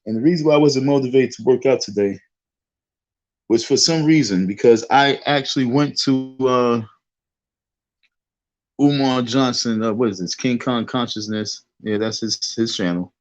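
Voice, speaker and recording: A man's voice: mid-range voice, normal speed, no echo, muffled recording. A middle-aged man giving rambling, profane reaction commentary as a vlogger, restarting his sentences over and over. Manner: excitable, repetitive restarts, profane street talk.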